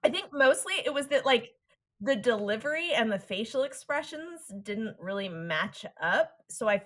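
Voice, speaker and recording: A woman's voice: a little high, lively intonation, moderate pace, fairly bright tone. A woman co-hosting a podcast, recapping a cartoon episode in a casual, wry and giggly way. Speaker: podcast co-host.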